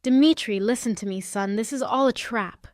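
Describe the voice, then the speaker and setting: A woman's voice: on the high side, normal speed, no room sound, studio quality, close to an everyday voice. A woman doing an indignant older mother-in-law. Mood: pleading.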